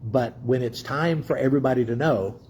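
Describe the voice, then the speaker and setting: A man's voice: medium pitch, a little fast, a little mellow, a little hiss or hum. A man from Dallas, preaching a conversational teaching sermon and asking his congregation questions. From Dallas, Texas. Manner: conversational, with filler words and restarts, asks the congregation questions. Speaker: pastor.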